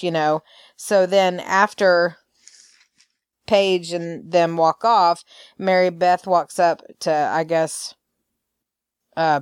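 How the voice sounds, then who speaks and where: A woman's voice: lowish voice, smooth, no echo, studio quality. A woman hosting a podcast, recapping soap opera scenes in a chatty way, full of fillers and quoted lines. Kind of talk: casual recap chat.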